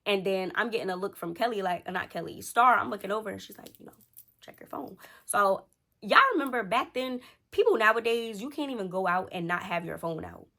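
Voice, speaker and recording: Woman, thirties, chatty storytime host, mid pitch, talks to viewers. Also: a little fast. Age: 30s. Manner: chatty, talks straight to viewers, animated retelling. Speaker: storytelling vlogger. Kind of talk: casual storytime chat.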